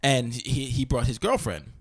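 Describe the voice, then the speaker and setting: A man's voice: medium pitch, normal speed, husky, no echo, studio quality. A man casually telling a story on a podcast, acting out quotes and filling his talk with "like" and "you know". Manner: animated storytelling, acting out quotes in many voices; heavy use of filler "like" and "you know". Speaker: podcast co-host. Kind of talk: casual chat.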